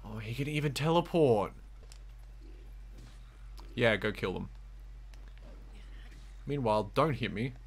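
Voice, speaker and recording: Slow, goofy man streaming a game. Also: medium pitch, breathy edge. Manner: rambling, goofy, baby-talks to the game's wolf; swings between soft mumbling and loud excited outbursts. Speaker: gameplay streamer. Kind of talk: casual gameplay commentary.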